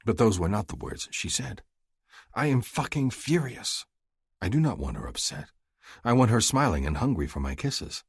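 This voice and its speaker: Man reading a romance audiobook first person, very deep and husky, lots of up and down. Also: very animated, a little fast, dry recording, clean studio sound. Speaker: audiobook narrator.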